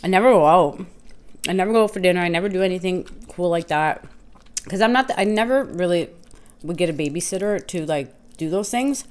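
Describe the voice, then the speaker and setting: A woman talking casually into the camera during an eating show, telling a story in a loose, rambling way. She quotes herself and others as she goes and keeps a relaxed, chatty flow. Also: lowish voice, brisk. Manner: chatty filler-heavy talk with restarts. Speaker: mukbang vlogger.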